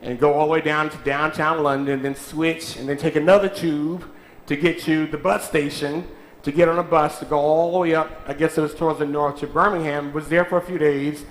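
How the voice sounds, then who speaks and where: A pastor preaches to his congregation, his voice sitting a little high for a man. He tosses questions out and ribs the crowd when they are slow to answer. The sound rings around a roomy church, with a faint murmur of ambience behind it. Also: little pitch movement, slight background noise. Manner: call-and-response preaching, teasing the congregation. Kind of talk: sermon. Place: church sanctuary. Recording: echoey church sanctuary.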